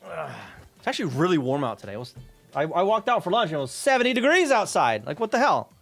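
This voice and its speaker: With soft music behind him, a game-coding streamer keeps up loose live chat, wandering off on tangents, filling gaps with "um"s, swearing casually, and reading viewer messages out loud. He talks quickly in a high, very animated voice that is gravelly and a bit bright.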